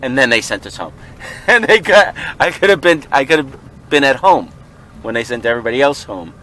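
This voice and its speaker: A man's voice: medium pitch, big pitch swings, brisk, pushed and bright, slight background noise. Joking man chatting in a car. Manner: joking, laughs often, mimics friends in silly voices. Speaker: reseller vlogger. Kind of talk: casual car vlog chat.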